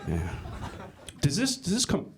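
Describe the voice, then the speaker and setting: A middle-aged man doing a live stand-up set in a small comedy club, talking with bursts of loud emphasis. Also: high-pitched, huge pitch swings, unhurried, a crowd in the background. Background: audience laughter.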